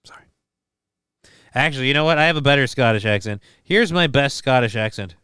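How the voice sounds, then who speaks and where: A man's voice: mid-range voice, lively intonation, fairly quick, pushed and bright, smooth, dry recording, studio quality. Sarcastic rambling male streamer. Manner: rambling, sarcastic, swears freely. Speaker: host. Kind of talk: casual comedic news commentary stream.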